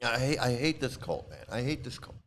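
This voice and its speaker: A man's voice: medium pitch, sing-song, fairly quick, fairly bright tone, slight background noise. Blunt, rambling middle-aged man. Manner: rambling and repetitive, blunt, swears. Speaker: channel host and cult critic. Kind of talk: casual commentary on a screen post.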